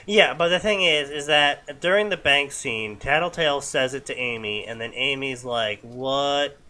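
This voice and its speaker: Exasperated young man, bright voice. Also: medium pitch, moderate pace. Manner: exasperated, incredulous rants. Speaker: co-host reading fanfiction aloud. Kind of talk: casual comedic commentary.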